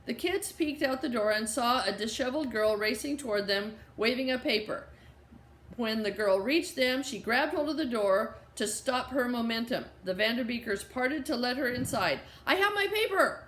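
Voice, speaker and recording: A woman narrating a children's novel in a clear, steady reading voice. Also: fairly high pitch, normal speed. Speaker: audiobook narrator. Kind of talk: scripted storybook narration. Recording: roomy echo.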